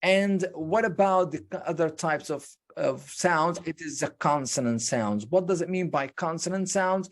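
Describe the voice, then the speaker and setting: An English speaking teacher giving an online pronunciation lesson, explaining step by step with rhetorical questions and drilling each sound over and over. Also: medium pitch. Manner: slow and deliberate, drilling sounds with many repetitions.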